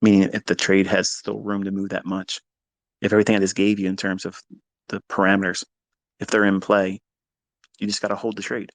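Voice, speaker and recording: A man's voice: sits low, monotone, fairly quick, no room sound. A man coaching traders in a blunt, profane motivational monologue. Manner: profane, emphatic, preachy. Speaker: trading coach.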